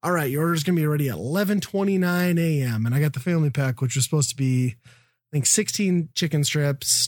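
A man's voice: medium pitch, darkish tone, dry recording, studio quality. A middle-aged man from the Midwest telling a profane, exasperated story in casual chat. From American Midwest.

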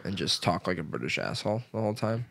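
A man's voice: sits low, very animated, fast, gravelly, fairly bright tone. A man in his twenties chatting casually, rambling with lots of filler words and swearing. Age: 20s. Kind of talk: casual chat.

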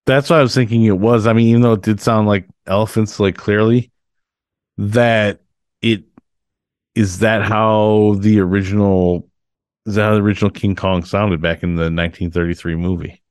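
A man co-hosting a podcast, speaking in a measured way in casual discussion and asking musing questions. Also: lowish voice, steady tone, a little mellow, clear, resonant tone, no echo, clean studio sound. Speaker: podcast co-host.

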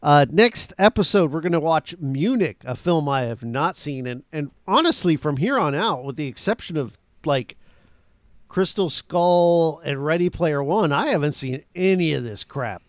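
A man hosting a podcast in casual chat, joking and animated with quick asides. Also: fairly high pitch, no echo. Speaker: podcast host.

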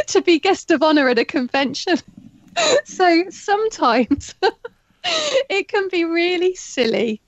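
A woman getting over a heavy cold, talking as a guest in a casual interview over a remote call, chatty and excitable and laughing often. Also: very high voice, slow, pauses often, highs cut off. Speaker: guest, author and audiobook narrator.

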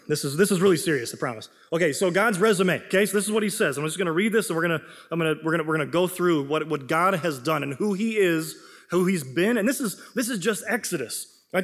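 A young adult man preaching a sermon with a relaxed, self-mocking style and quick restarts. His voice sits a little high, and a long reverb trails it around the hall. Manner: casual, self-deprecating, repeats words when excited.

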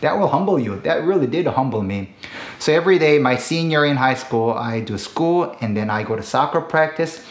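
A man in his thirties from Korea, speaking English with a Korean accent, preaches a sermon in an earnest, slow and deliberate way, with emphatic rises. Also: mid-range voice, lively intonation. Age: 30s. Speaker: pastor. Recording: echoey room.

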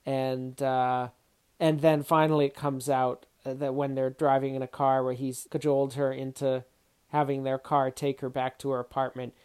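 A film reviewer walks through a movie's story in a relaxed, reflective way. The talk is unscripted, with small restarts as thoughts form. The voice sits at a middle pitch. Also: normal speed, clear, resonant tone. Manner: reflective, thinking aloud with restarts. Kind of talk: casual spoken film commentary.

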